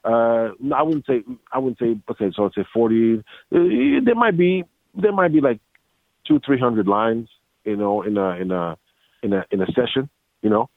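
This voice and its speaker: A voice actor guest in a casual interview tells stories animatedly, acting out quotes and restarting often. His voice is medium-pitched and expressive at a normal speed, captured dry over a tinny, phone-like line.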